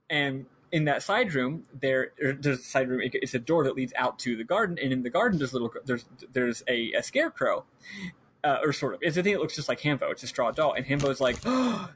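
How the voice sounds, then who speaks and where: A man's voice: medium pitch, a bit bright, slight background noise. A man hosting a podcast, animatedly retelling a video game in casual chat, swearing freely and acting out the characters. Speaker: podcast host.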